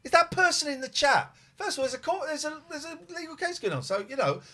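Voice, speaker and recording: A man's voice: very high-pitched, sing-song, fast, pushed and bright. A man hosting a phone-in show from home, ranting furiously, swearing and repeating himself. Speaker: host. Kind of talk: live phone-in show, angry rant.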